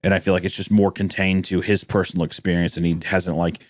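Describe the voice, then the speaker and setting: A young man co-hosting a podcast, giving his opinions in a relaxed, hedging way. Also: deep voice, fast, no echo, studio quality. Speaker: podcast co-host. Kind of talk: casual discussion.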